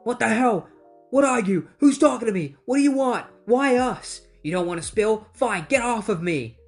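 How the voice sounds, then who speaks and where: A comic recapper voicing a frantic resurrected male hero who shouts rapid, demanding questions at a glowing ring. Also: mid-range voice, expressive, soft background music, natural voice.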